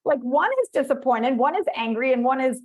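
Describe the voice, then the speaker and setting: A woman guest on a podcast, chatting in an animated way, acting out little voices and using many fillers. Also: high-pitched, brisk. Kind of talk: conversational podcast interview.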